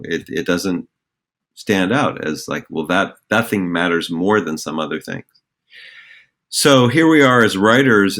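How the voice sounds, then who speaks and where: A middle-aged man, a theater director, explaining acting ideas in a reflective, rambling way with many fillers and restarts. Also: sits low. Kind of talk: conversational podcast explanation.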